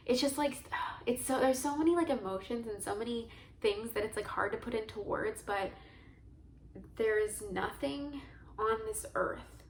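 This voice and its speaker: A woman's voice: on the high side, measured pace, long pauses, reverberant, slight background noise, poor audio. A young woman telling a personal story to camera in a chatty, earnest way, often saying "like". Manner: chatty, heavy use of "like", earnest and emotional. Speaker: vlogger.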